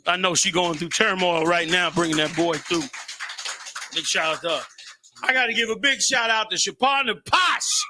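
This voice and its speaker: A man hosting a live talk show, talking with energetic, preacherly fervor and shouting out to guests. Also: high-pitched, normal speed, noisy background. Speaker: show host.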